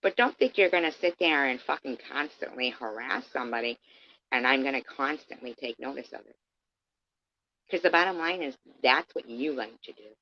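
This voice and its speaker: A woman's voice: rumbling low, expressive, moderate pace. Heated, cursing woman on a lo-fi stream. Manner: heated, profane, confrontational, addresses critics directly. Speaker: livestreamer. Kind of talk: angry ranting livestream. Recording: dull lo-fi stream audio.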